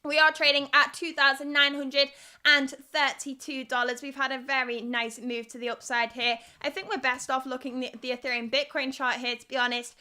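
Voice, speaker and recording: A woman's voice: high-pitched, bright, forceful tone, smooth. A young woman with a Liverpool accent hosting a live crypto news stream, chatty and reading viewer comments aloud. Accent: Liverpool (Scouse). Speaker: livestream host.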